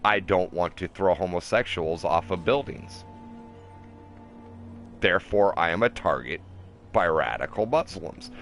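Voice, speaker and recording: A man's voice: low voice, expressive, unhurried, pauses often, fairly bright tone, soft background music. A young man ranting in an angry, profane monologue, heated and preachy, in a car. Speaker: vlogger. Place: in a car at a drive-through.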